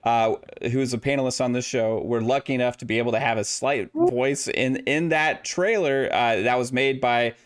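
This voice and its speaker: A man hosting a casual gaming podcast chat who talks in a relaxed, hesitant way with lots of filler words. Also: mid-range voice, moderate pace, hardly any pauses.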